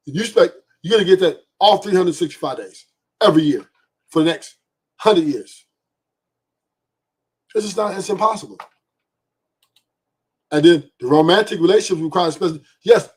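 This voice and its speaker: Blunt, profane man with a husky voice. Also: high voice, moderate pace, long pauses. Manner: blunt, profane, rhetorical "right?" asides. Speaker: podcast host. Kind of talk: opinionated podcast monologue.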